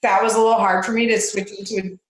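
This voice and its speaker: A woman's voice: medium pitch, level tone, rapid-fire. A woman in her forties, a guest on a casual interview show, talking hesitantly with many fillers and laughing often. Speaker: podcast guest. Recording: roomy echo.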